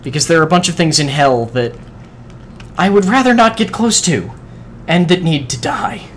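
A man gives casual let's-play commentary while he plays, excitable and quick to swear as he talks to the game's creatures. His pitch swoops up and down all the time. A faint hiss of noise sits under the voice. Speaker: gaming video host.

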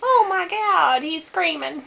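A woman's voice: very high voice, lively intonation, takes it slowly, creaky, pushed and bright, slight background noise. A woman improvising comic dubbing, sarcastic, crude and exasperated. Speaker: comic dubber.

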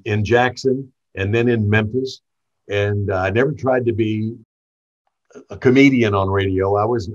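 Telling stories from his past in an interview, this seasoned radio host from Tennessee brings quoted dialogue to life with animated delivery. He's an older man with a light Southern accent and a medium-pitched, polished, smooth voice, captured in lo-fi sound.

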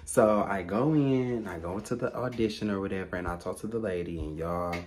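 A young man, talking casually to his viewers in a vlog from a car, excitable and swearing freely. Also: low voice, a little fast. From Michigan. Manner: chatty, excitable, keeps addressing viewers as y'all, swears freely. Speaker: vlogger and stylist.

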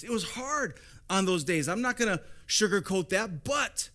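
A man's voice: high-pitched, sharp tone. A man preaching a sermon as pastor in a church, conversational and storytelling, repeating lines for emphasis.

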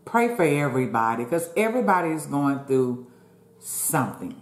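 A woman's voice: deep voice, big pitch swings, normal speed. Chatty woman eating and talking, echoey room. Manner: chatty, talks with mouth full, addresses viewers as y'all. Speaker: mukbang vlogger. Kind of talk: casual chat while eating.

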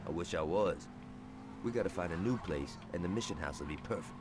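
Restless crude gangster sidekick for a game, lowish voice, lively pitch. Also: male voice, a little fast, noisy background. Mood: explaining. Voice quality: crude street talk.

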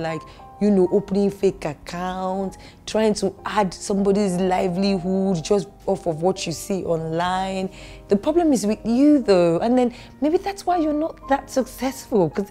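A woman's voice: mid-range voice, a little mellow. Sassy Nigerian woman ranting to camera. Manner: sassy, preachy, mock-scolding. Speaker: vlogger. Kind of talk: comedic rant to camera.

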